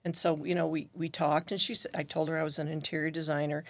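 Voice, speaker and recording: A middle-aged woman telling a personal story in conversation, animated and acting out what others said. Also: low-pitched, quick pace, no echo. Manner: animated, acts out quoted voices. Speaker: guest.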